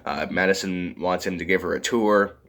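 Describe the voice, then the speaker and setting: A man's voice: sits low, steady tone, normal speed, fairly bright tone. A man reviewing a movie in a casual, rambling way, full of fillers and often giggling.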